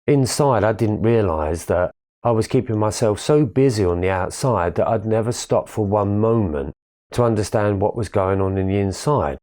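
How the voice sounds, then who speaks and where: A man's voice: on the low side, lively intonation, normal speed, dark tone. A man giving a candid, earnest spiritual talk about his own life, swearing casually as he tells it. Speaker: spiritual speaker. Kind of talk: reflective personal monologue.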